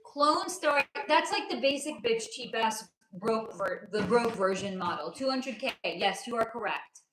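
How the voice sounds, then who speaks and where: A woman's voice: a little high, lively intonation, measured pace, crowd noise. A woman hosting a casual livestream, answering viewer comments in a blunt, outspoken way and swearing freely. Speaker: livestream host. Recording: echoey room.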